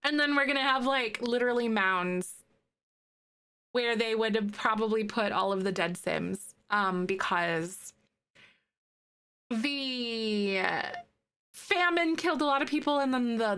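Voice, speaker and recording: A woman's voice: medium pitch, a little slow, a bit bright, clean tone. A woman from Wisconsin with a Midwestern accent, chatting casually with her viewers on a live stream and laughing often. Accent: Midwestern American (Wisconsin). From northern Wisconsin, US. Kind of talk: casual live-stream chat while building.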